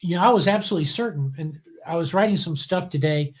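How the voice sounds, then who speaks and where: An older male guest with a slightly high voice spins casual interview stories at a quick pace. Wry and cynical, he keeps things loose and relaxed, often restarting and repeating words.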